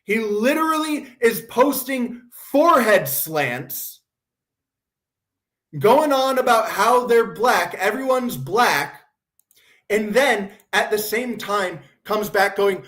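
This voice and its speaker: High-voiced man ranting sarcastically. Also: lively intonation, slow pace, a bit bright. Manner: sarcastic, mocking ranting with mimicked quotes. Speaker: podcast host. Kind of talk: casual commentary stream.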